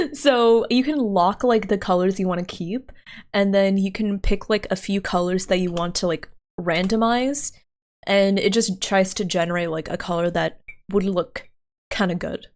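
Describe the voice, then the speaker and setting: Unhurried and mid-range, a woman's voice carries her relaxed livestream chat. She thinks aloud while she works, peppering it with giggles and fillers.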